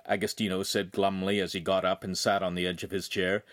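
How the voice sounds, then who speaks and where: A man reading a novel aloud as scripted narration, with expressive storytelling. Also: sits low, brisk. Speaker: audiobook reader.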